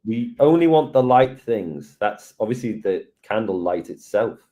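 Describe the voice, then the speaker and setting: A man co-presenting a live software lesson, relaxed and thinking aloud as he works. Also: fairly low pitch, a little slow.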